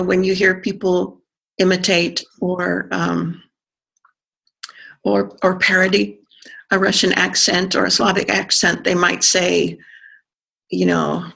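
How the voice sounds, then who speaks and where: An accent coach explaining pronunciation in conversation, pausing to think and sounding out vowels to demonstrate. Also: medium pitch, gravelly, pushed and bright, breathy edge. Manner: thoughtful, pauses with fillers, sounds out vowels to demonstrate.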